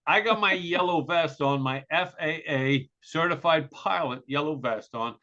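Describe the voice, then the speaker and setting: A man tells a story in a podcast chat, bright and forceful, and he acts out every quote with a lively voice. His voice sits a bit high and comes through dull and lo-fi. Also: measured pace. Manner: animated, acts out quotes and laughs often. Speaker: podcast co-host. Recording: dull lo-fi sound.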